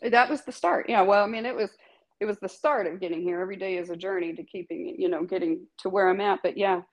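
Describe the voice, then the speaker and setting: Appearing as an interview guest, a middle-aged tattoo artist tells her life story fast in a medium-pitched voice, on a rough recording. She's emphatic, laughs a lot, and swears without a second thought.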